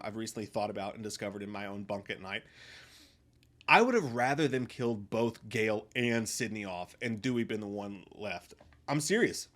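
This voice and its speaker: A young man hosting a casual spoiler review of a film, emphatic and profane, swinging between loud outbursts and low mutters. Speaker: movie review host.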